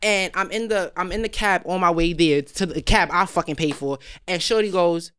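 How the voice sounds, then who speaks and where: A young woman, hosting a podcast and telling a story in an animated, profane rant. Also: lowish voice, normal speed, clear, resonant tone. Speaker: podcast host. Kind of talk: casual storytelling chat.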